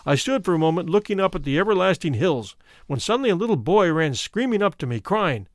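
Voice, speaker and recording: A man's voice: high voice, animated, no room sound. Somber male narrator, dry close sound. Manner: measured, somber storytelling. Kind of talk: dramatic first-person reading of a memoir.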